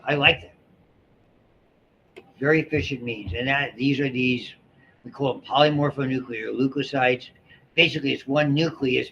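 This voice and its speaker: A man's voice: medium pitch, a bit bright. A middle-aged man teaching a biology class, chatty and digressive, with frequent restarts and asides. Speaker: biology instructor. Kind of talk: classroom lecture. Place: lecture classroom. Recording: dull lecture recording with faint hiss.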